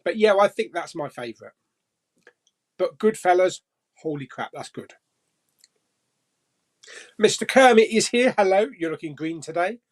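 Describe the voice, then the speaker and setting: A man's voice: high-pitched, expressive, moderate pace, long pauses. Chatty man hosting a live stream. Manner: chatty and jokey, laughs often, swears casually. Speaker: live-stream host reading viewer comments. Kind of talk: casual live chat.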